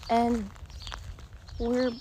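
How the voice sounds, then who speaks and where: Tearful woman with a mellow voice. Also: on the high side, flat delivery, a little hiss or hum. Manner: emotional, rambling, halting, near tears. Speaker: vlogger. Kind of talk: personal vlog confession. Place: rural home, barn nearby.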